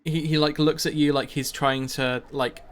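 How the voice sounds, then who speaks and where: A man's voice: fairly high pitch, level tone, normal speed. A man narrating a tabletop role-playing game as game master, describing each scene in detail.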